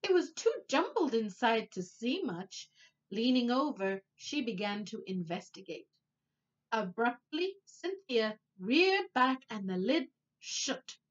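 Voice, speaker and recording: Animated, high-voiced woman reading a storybook. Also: slow pace. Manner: animated and expressive, with asides. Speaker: children's teacher and host. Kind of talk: storybook read-aloud for children. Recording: dull lo-fi recording.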